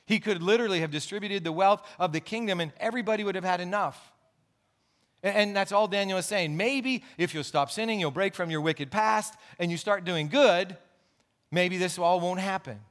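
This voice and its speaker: A man's voice: high voice, moderate pace, fairly bright tone. A man pastor preaching a sermon in an earnest, explaining way, with asides and restarts.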